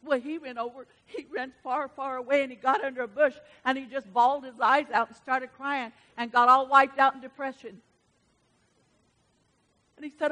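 High, bright-voiced woman preacher. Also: moderate pace. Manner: animated, emphatic storytelling. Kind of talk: sermon.

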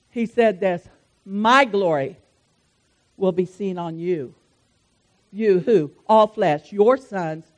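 A woman preacher, delivering a fervent sermon that swings between loud declarations and soft asides. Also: mid-range voice. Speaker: pastor.

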